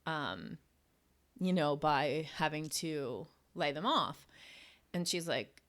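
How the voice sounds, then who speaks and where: A woman's voice: low voice, expressive, slow pace. A middle-aged woman hosting a solo coaching podcast, chatty, with many "like" fillers and frequent laughs. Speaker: academic writing coach and podcast host. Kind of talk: casual solo podcast talk.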